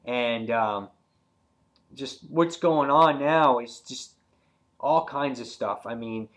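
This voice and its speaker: A man reviewing a comic book in casual talk, retelling scenes excitedly with many fillers and acting out the characters' lines. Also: mid-range voice, slow pace. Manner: loose and rambling, many fillers.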